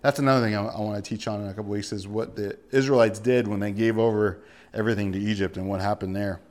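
A man's voice: fairly low pitch, steady tone, quick pace, a little mellow. A male pastor delivering a sermon emphatically, full of rhetorical questions and repeated words.

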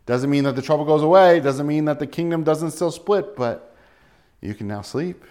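A man preaching a sermon in a casual, joking way, acting out quotes and dropping to a soft, low voice on key points. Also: normal speed. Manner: conversational preaching with jokes and acted-out quotes. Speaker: pastor.

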